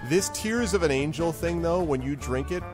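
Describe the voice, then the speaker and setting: A man's voice: on the high side, moderate pace, over music. Game master guy narrating loosely, um and uh everywhere, voice swings up and down a lot. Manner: relaxed, rambling, with many fillers.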